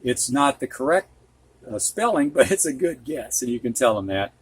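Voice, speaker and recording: A man teaching a reading lesson, reading words slowly and repeating them, with patient explanations for teachers. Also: medium pitch, big pitch swings, breathy edge, no room sound. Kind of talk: slow spoken reading lesson.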